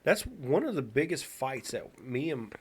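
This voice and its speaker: A man's voice: mid-range voice, big pitch swings, measured pace, breathy edge. Rambling man telling a story. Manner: rambling storyteller with many restarts. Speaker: podcast co-host. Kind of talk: casual chat.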